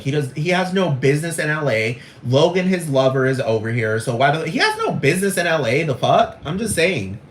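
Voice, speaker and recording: A man's voice: medium pitch, fairly bright tone, a little hiss or hum. A man performing a brash, gossipy young woman who goes on a rambling, profane rant in a comedic character monologue. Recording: roomy echo.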